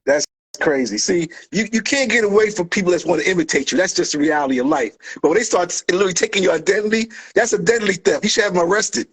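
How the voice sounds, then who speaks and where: A man, a guest in a casual conversation, telling lively stories and acting out the people he quotes. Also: high voice, fast, hardly any pauses, breathy edge, rough recording. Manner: animated storyteller, acts out quoted voices. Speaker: guest, early hip hop dancer.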